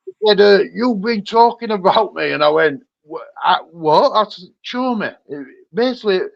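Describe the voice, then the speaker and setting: A man's voice: high-pitched, lively intonation, normal speed, vocal fry, no echo. A man chatting on a call, rambling and swearing as he tells stories. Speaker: guest on live chat. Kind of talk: casual chat. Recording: dull dry call audio.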